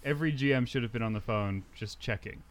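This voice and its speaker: A man's voice: mid-range voice, fast talker. A man appearing as a podcast guest, rambling wryly with lots of filler words. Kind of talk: casual chat.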